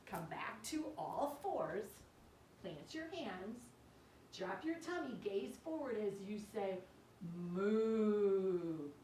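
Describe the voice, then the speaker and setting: A woman teaching yoga to young children, reading a story aloud and guiding poses gently, making animal sounds along the way. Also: mid-range voice, very animated, slow pace. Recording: roomy echo, distant mic, faint background noise.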